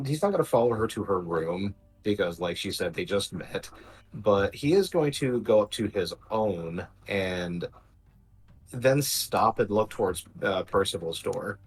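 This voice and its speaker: A man playing a tabletop game, describing his character's actions in a halting, filler-heavy way. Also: lowish voice, expressive, breathy edge, soft background music. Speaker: player.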